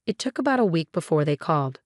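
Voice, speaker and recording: A woman narrating a first-person story in a steady, matter-of-fact way. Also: deep voice, fast, no room sound, clean studio sound.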